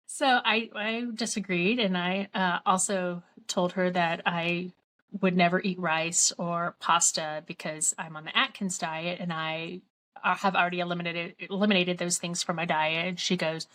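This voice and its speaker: A woman's voice: lowish voice, level tone, a little slow, fairly bright tone. A woman vlogger earnestly telling a personal story, quoting both sides of a conversation as she goes.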